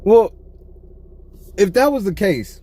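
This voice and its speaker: A man's voice: sits high, very animated, slow, mellow, slightly rough. A man co-hosting a podcast, telling a story in casual, profane chat and laughing often, talking from a car. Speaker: podcast co-host.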